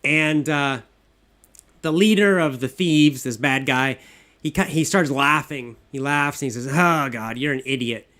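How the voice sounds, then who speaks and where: A man's voice: fairly high pitch, unhurried, fairly bright tone. A man retelling a story in plain, simple English with repeated phrases.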